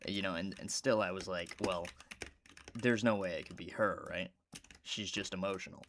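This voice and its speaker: A man telling a rambling, casual story while playing a video game, with sudden loud outbursts at the game. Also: sits low, normal speed, noisy background. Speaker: gaming YouTuber.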